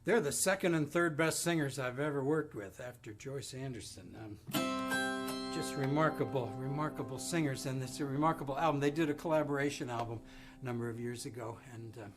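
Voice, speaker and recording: A man's voice: mid-range voice, brisk. A man, a folk musician on a live stream, introduces a song in a rambling, self-deprecating way full of ums. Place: home studio. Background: guitar.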